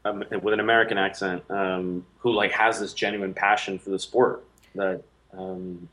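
A man's voice: deep voice, level tone, normal speed, pushed and bright, poor audio. A man in casual podcast talk about football media, thinking aloud with frequent ums and restarts. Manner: thoughtful, hesitant with many fillers. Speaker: podcast co-host. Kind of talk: casual chat.

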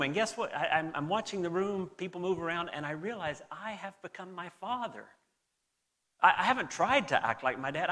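Middle-aged male pastor, softened Southern accent, slightly higher voice, earnest sermon delivery. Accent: Southern American, softened. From American South. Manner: earnest, reads scripture aloud, conversational asides with restarts.

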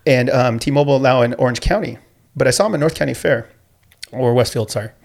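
A man's voice: medium pitch, fast, vocal fry, a little mellow. A middle-aged man, a PE teacher and coach, telling stories in a casual podcast chat, rambling with many fillers and restarts. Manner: rambling, with frequent fillers and restarts, laughs often. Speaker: high school PE teacher and coach.

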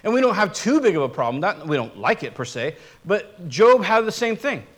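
Animated high-voiced male preacher. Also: a little fast. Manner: animated, conversational, acts out quoted voices. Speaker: pastor. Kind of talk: sermon.

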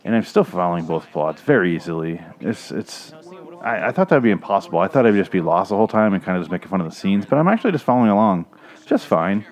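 Here the man's voice is low-pitched, very animated, and fast as he rambles through casual, crude, sarcastic movie commentary laced with swearing. Movie audio plays behind him.

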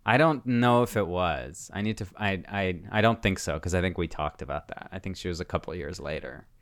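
A man in his thirties in casual conversation, relaxed and unhurried, swearing casually. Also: sits low, no room sound. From immigrated as a refugee as a child. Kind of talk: casual chat.

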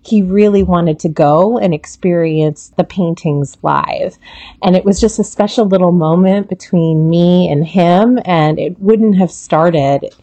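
A woman who is an educator and parent, chatting on a podcast and telling expressive, animated stories about reading with her children. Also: fairly low pitch, unhurried, dry recording. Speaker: guest educator. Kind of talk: casual podcast chat.

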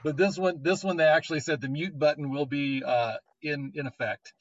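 A man co-hosting a podcast, chatting in an animated way and quick to crack a joke. His voice sits a little high. The audio is dull and lo-fi. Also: dry recording. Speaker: podcast co-host. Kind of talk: casual conversation.

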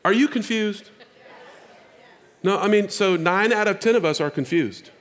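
A male pastor preaching a sermon, moving between casual asides to the congregation and loud exhortation. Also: high-pitched, moderate pace.

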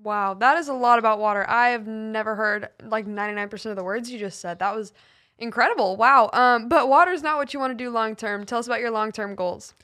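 A woman's voice: on the high side, fast, a bit bright. Enthusiastic woman hosting a podcast. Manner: enthusiastic, frequent "wow" reactions. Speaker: podcast host. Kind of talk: casual interview.

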